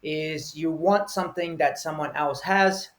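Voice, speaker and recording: A man's voice: on the high side, measured pace, a bit bright. A man teaching English vocabulary, explaining each word patiently and acting out short example feelings.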